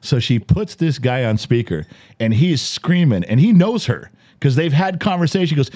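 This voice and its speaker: Animated storytelling man, lively pitch. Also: moderate pace. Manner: animated storyteller, swears, laughs often. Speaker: podcast host. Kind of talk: casual storytelling chat.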